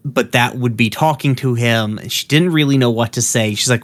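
A man's voice: medium pitch, normal speed. Rambling man with lots of ums. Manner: rambling, full of ums and uhs, profane. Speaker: episode recapper. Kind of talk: casual recap of a cartoon episode.

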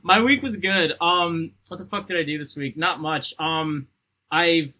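A man's voice: a little high, measured pace, sharp tone. A man co-hosting a podcast, joking crudely and laughing often in casual chat. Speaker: podcast co-host.

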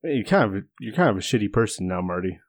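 A man's voice: on the low side, big pitch swings, rapid-fire. A young man from the United States, co-hosting a podcast in casual chat with a dry, joking manner. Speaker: podcast co-host.

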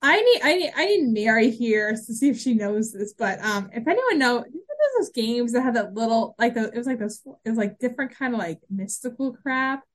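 A woman's voice: a little high, sing-song, a little fast, few pauses. A woman co-hosting a podcast in casual chat, rambling and getting emotional as she talks. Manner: rambling, gets emotional and laughs. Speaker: podcast co-host.

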